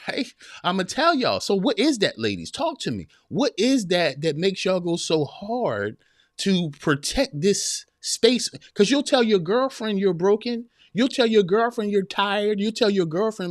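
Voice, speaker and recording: With big pitch swings and a moderate pace, this man's voice sits high in a dry, clean studio recording. In his forties, he gives relationship advice on his podcast, counseling listeners casually and directly while leaning on emphatic, repeated phrases.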